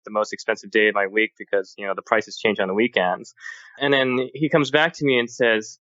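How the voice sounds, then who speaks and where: A man talking as a podcast guest, telling stories in a casual, animated way and acting out the exchanges he quotes. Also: medium pitch, no room sound, dull audio. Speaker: guest, tech journalist. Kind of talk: casual storytelling in conversation.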